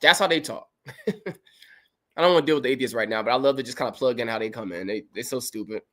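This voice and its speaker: A man's voice: medium pitch, quick pace, bright, forceful tone. A man hosting a livestream, reading Bible verses aloud and commenting on them in an emphatic, preachy way. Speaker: podcast host.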